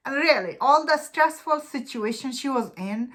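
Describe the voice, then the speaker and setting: This is a woman chatting through her review of a show, eager and informal. Her voice sits slightly high with a bright, forward tone. Her sentences ramble loosely, full of "uh" and "like". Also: lively intonation, moderate pace. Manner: chatty and enthusiastic, many fillers and restarts; loose, informal English phrasing. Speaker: movie reviewer. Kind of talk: casual spoken review.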